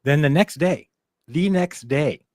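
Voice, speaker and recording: A podcast co-host on a casual talk show rambles through a story, quoting others in animated voices. His voice is on the high side and unhurried, with no echo.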